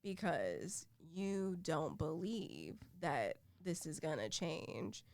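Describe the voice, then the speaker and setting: A woman co-hosting a casual chat, lively and chatty, quick to agree. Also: low-pitched, gravelly, no room sound. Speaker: comedian and co-host.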